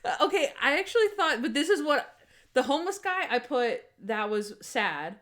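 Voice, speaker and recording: A young woman co-hosting a podcast in casual chat, animated and acting out scenes in quoted voices. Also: sits high, moderate pace, a little hiss or hum. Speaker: podcast co-host.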